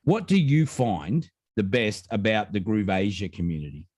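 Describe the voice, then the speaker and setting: A man hosts a livestream over a video call, and his pitch swings widely as he hypes each prize. He repeats his key points for emphasis. The room sounds dry and close, with no echo. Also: sing-song, moderate pace, a little mellow. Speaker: host. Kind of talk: live stream prize announcement.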